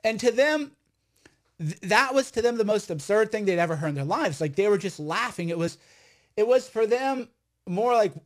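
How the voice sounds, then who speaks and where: Loud, high-voiced man telling stories. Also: animated, normal speed. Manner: loud, rambling and emphatic, with many restarts. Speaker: online commentator. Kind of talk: casual storytelling monologue.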